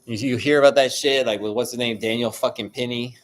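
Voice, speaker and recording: A man of ordinary pitch vents alone on his podcast. He swears constantly and strings his thoughts together with "like" and "you know". His heated rant keeps looping back on itself. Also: steady tone, a little fast. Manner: heated, profane ranting with many fillers. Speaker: solo podcast host. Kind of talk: casual monologue.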